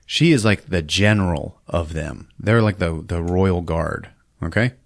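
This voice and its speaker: A man's voice: low voice, a little slow, gravelly, no echo, studio quality. Profane joking man recapping a film. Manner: profane, laughing, acts out scenes. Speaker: podcast host.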